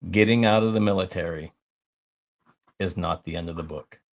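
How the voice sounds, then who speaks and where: A man's voice: low voice, moderate pace. A man, a military veteran co-host, giving earnest, plainspoken advice. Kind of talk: casual podcast chat.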